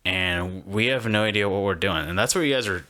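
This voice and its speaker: Bright-voiced young man joking around. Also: sits low, brisk. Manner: joking, rambling, swears freely. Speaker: podcast co-host. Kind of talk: casual podcast chat.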